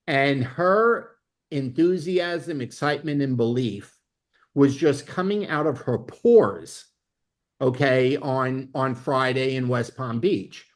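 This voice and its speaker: In a slow, mid-range voice, a man runs a motivational network marketing training. He's emphatic and excitable, laughing in bursts and constantly checking in with "okay?"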